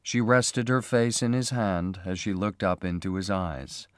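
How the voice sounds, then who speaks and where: Male narrator, slow graded-reader storytelling, dry close mic. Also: deep voice, no echo. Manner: slow, careful, clearly spoken. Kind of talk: scripted storybook narration for learners.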